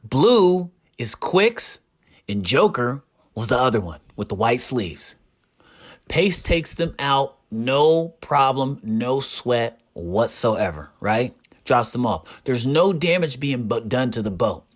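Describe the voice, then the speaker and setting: A man's voice: mid-range voice, big pitch swings, slow. A man hosting hyped gaming drama commentary, emphatic and repeating short tags. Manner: emphatic, repeats "right?" and "problem".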